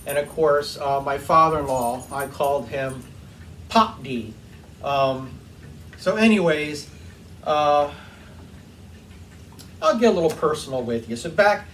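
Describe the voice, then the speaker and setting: Heartfelt man telling a story in his workshop. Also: a little high. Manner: heartfelt, rambling, with frequent ums. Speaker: workshop channel host. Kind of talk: casual storytelling while cleaning. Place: home workshop. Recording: distant mic with faint room noise.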